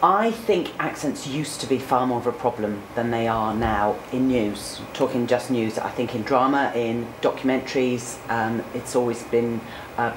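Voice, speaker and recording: A woman in her forties from Cornwall, a news presenter answering interview questions candidly and chattily, with fillers. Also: very deep voice. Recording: echoey room with noticeable background noise.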